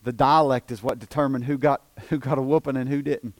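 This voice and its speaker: Preaching in a church sanctuary, an East Tennessee pastor alternates between soft, low stretches and loud, emphatic pronouncements. He speaks briskly with fairly even intonation at a typical male pitch, captured in a close, dry recording with no echo.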